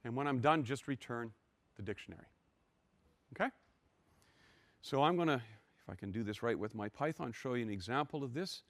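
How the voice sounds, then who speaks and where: A man's voice: medium pitch, animated, brisk, long pauses, a bit bright, no room sound. Older male lecturer, dry close mic, wry and self-deprecating, explains code step by step. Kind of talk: university lecture.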